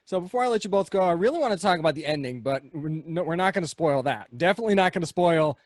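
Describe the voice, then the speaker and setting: A man's voice: a little high, animated, quick pace, no echo, clean studio sound. A male podcast host interviewing two actors in a casual, playful, teasing way.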